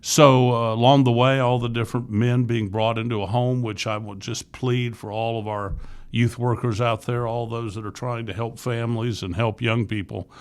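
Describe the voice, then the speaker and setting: A youth ministry leader in his sixties from Florida talks at normal speed in a medium, level-toned voice. As a podcast guest, he recounts his life candidly and earnestly in a casual interview, frequently starting over mid-thought.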